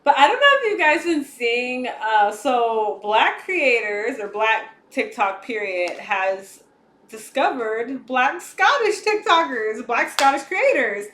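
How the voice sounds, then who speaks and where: Lively high-voiced American woman. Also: slow, roomy sound. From United States. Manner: lively, chatty, often trails off. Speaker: podcast co-host. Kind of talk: casual chat.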